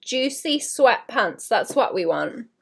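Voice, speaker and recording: Woman, young adult, casual streaming chatter, mutters to herself, clears throat often, fairly high voice. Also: very animated, takes it slowly, a bit bright, a little hiss or hum. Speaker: artist livestreaming. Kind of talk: casual streaming chat while drawing.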